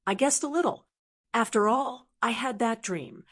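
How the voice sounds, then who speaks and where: A woman's voice: fairly high pitch, moderate pace, fairly bright tone. A woman voicing a knowing young goddess in an audiobook, speaking in a wry, casual way.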